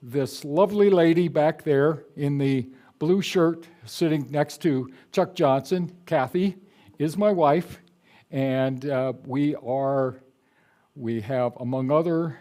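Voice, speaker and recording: A man's voice: fairly high pitch, mellow. An older man, an author, giving a public book talk to a live audience in a conversational, digressive storytelling way.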